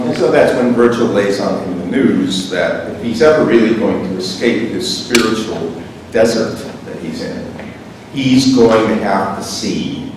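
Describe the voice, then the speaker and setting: Man lecturing in a booming echoey hall. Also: distant mic, a little hiss or hum. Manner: conversational, checks in with "okay?". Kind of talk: literature lecture. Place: school hall.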